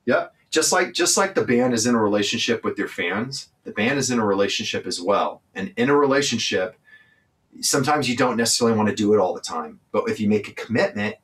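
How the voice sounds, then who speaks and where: A man from California answers interview questions in a fairly low voice. He talks bluntly and with emphasis, and he swears without holding back. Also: lively intonation, fairly quick, a bit bright. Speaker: interview guest, singer. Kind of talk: candid interview talk.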